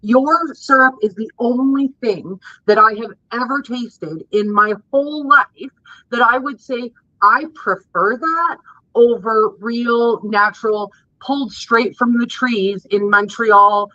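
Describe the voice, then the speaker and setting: A woman's voice: on the high side, slow pace, sharp tone, no echo, dull audio. A Canadian woman with a Canadian accent, hosting a casual chat and talking in a gushing, emphatic way. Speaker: host.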